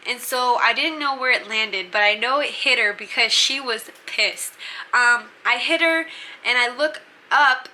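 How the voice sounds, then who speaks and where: Young woman, vlogger, casual storytime, chatty, bright voice, slightly high. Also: a little hiss or hum. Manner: chatty, lots of "like" fillers.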